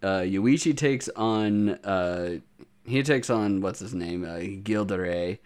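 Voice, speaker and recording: A young man with a fairly low voice talks through an episode in loose, casual chat. He rambles, stacks fillers, and restarts his sentences as he goes. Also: slow pace, a little mellow, clean tone. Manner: rambling recap with many fillers, restarts and laughs. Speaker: podcast co-host recapping an anime episode.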